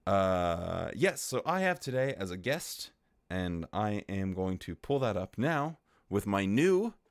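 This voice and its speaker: A man chats casually on his livestream, reading out viewer greetings with a playful, lively voice. The sound is close and dry, with no room echo. His pitch swings up and down as he talks. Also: slow. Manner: playful and chatty, greets chat viewers one by one. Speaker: livestream host. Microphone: desktop microphone.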